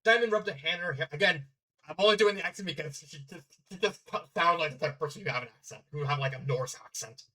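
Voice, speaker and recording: Bright-voiced young man reading fanfiction. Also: fairly high pitch, fast, rough recording. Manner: stumbles and self-corrects, chatty asides. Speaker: fanfiction reader. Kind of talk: casual fanfiction reading with asides.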